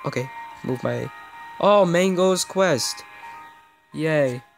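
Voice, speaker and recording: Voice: mid-range voice, slow pace, vocal fry, soft background music. A young gamer giving casual, joking commentary while playing and talking to viewers. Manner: joking, chatty, talks to viewers. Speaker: gameplay video host.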